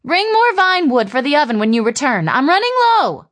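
A woman voicing a stern middle-aged mother who gives her daughter sharp orders. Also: mid-range voice, sing-song, a little slow. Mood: commanding. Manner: commanding, sharp-voiced.

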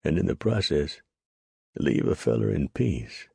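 A man narrating a western audiobook in a steady, measured storytelling manner. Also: very deep voice, vocal fry, slightly rough, no echo.

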